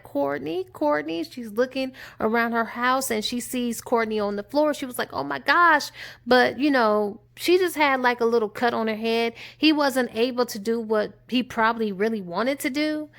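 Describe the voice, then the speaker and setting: Animated woman recapping a movie. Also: on the high side. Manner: animated, acts out characters' lines in quick quoted bursts. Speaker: movie reviewer. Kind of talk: casual spoken movie recap.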